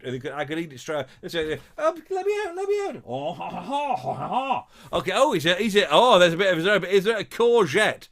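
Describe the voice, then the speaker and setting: A man hosting a live-streamed quiz, chatting in a halting way with lots of filler sounds and reading out viewers' guesses playfully. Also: mid-range voice, a bit bright. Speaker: host of a live-streamed show.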